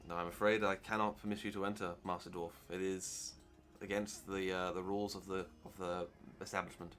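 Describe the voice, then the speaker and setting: A smug, polite elf bouncer in a tabletop game, voiced by a man. He is deep-voiced and apologetic, speaking with courteous calm. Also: a little fast, faint music behind.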